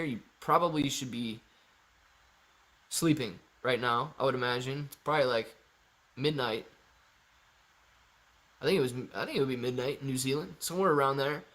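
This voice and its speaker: A man's voice: mid-range voice, lively intonation, brisk, fairly bright tone. A man hosting a live stream, chatting casually with viewers, reading out their questions and explaining his answers in a laid-back way.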